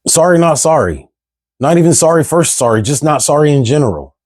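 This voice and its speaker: A man's voice: a little high, animated, fairly quick, a little mellow, no room sound. Exasperated, cursing man ranting to camera. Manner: exasperated, profane, rhetorical questions. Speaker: vlogger. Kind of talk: candid ranting monologue.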